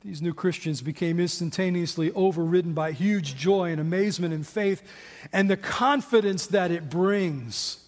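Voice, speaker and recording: A man preaching with fervor, his voice pitched unusually high and climbing further at each point he drives home. The sound rings out with the long reverb of a large church sanctuary. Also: moderate pace. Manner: impassioned preaching, rising to high emphatic peaks, then quiet in prayer. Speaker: pastor. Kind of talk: sermon.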